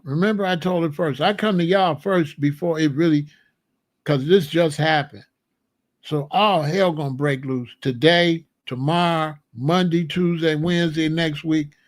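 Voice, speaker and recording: Speaking a little slowly in a slightly high voice, the host of a solo political commentary channel makes his points emphatically, returning again and again to incredulous rhetorical questions.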